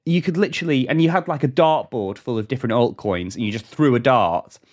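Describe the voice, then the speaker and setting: A man's voice: medium pitch, a little fast. Chatty male co-host who keeps laughing. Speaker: podcast co-host. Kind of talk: casual news chat.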